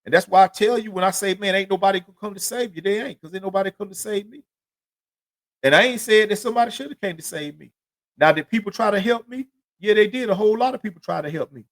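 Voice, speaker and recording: A man hosting his own show, telling his life story in a casual, profane, streetwise monologue. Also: sits high. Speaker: podcast host.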